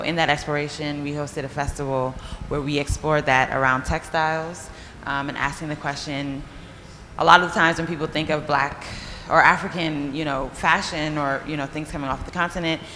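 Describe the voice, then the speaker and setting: A woman's voice: sits low, steady tone, normal speed, bright, forceful tone. A woman speaking as a founder on a panel in a large hall, thoughtful and reflective, with many fillers. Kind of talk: panel introduction. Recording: long hall reverb, faint noise.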